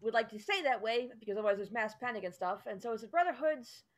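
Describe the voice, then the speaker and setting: A woman's voice: on the high side, animated, quick pace. A woman running a tabletop game as game master, explaining the rules in a chatty way with lots of ums.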